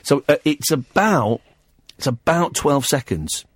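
This late-night radio host, speaking into a close studio mic, teases a caller in a playful, animated way, laughing frequently as they chat casually. He has a husky voice on the high side and an unhurried pace, and the recording is dry and studio quality.

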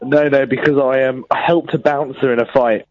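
A man's voice: mid-range voice, fairly even intonation, normal speed, no room sound. Guy phoning into a radio show, plain matter-of-fact telling, dull muffled line. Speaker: caller. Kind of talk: phone-in call telling a story.

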